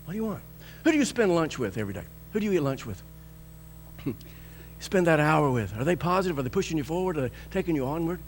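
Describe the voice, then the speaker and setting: A man with a notably high voice preaches with emphatic swings, from loud, high bursts down to soft, low lines. He acts out the voices he quotes and chuckles often. A faint hum sits under the recording. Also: very animated, quick pace. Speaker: pastor. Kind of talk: sermon.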